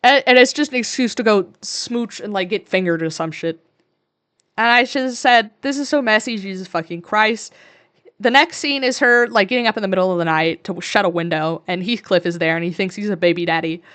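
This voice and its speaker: A woman's voice: medium pitch, brisk, a bit bright. Crude, sarcastic young woman ranting. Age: 20s. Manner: crude, sarcastic, swears freely. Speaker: podcast co-host. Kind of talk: casual ranting movie recap.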